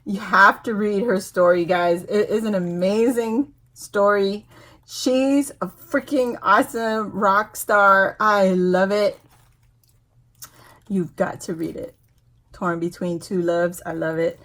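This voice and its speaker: A woman's voice: mid-range voice, fairly even intonation, slow, fairly bright tone. A woman vlogger chatting casually as she unboxes craft supplies, gushing and exclaiming often with frequent laughter. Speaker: craft vlogger opening a giveaway package. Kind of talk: excited casual unboxing chat.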